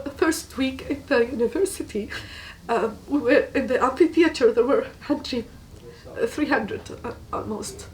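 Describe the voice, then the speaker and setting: A woman from Tunisia, giving a personal testimony in an earnest, halting way and repeating words for emphasis. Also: on the high side, distant mic, low-quality recording. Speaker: guest giving a faith testimony.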